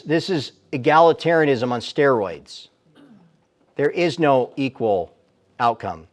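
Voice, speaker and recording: Male Christian speaker, emphatic live church talk, middle-pitched voice, rhetorical punch. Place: church sanctuary, before a live audience.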